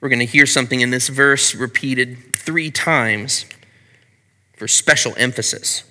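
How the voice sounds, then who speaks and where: A man teaching a Bible study in a conversational way, asking his listeners questions and often clearing his throat. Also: medium pitch, a little slow, pushed and bright, big-room sound.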